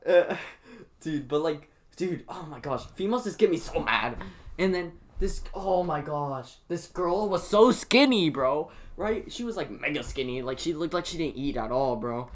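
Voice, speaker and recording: A man's voice: a little high, expressive, moderate pace. Rambling teen guy telling school stories. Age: teens. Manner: rambling storyteller with many fillers and restarts. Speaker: streamer host. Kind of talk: casual chat.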